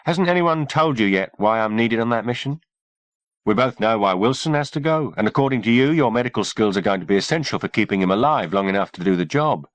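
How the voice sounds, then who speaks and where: A man's voice: on the low side, lively intonation, fairly quick, no echo, pitched above the performer's own voice, natural voice. A man voicing a blunt, tough army sergeant who speaks dryly, in an audiobook reading.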